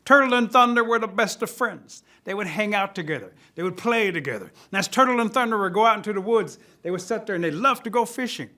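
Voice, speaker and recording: A man telling a traditional animal tale in a lively, expressive studio storytelling style. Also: high-pitched, fast, few pauses.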